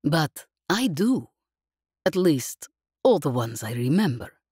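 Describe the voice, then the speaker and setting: A woman reading Yesbel, a calm, menacing woman. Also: low voice, slightly rough, dry recording, clean studio sound, heavily acted. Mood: calm menace. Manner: measured, mocking calm. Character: cool, dangerous woman captive, calmly menacing. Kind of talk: audiobook character reading.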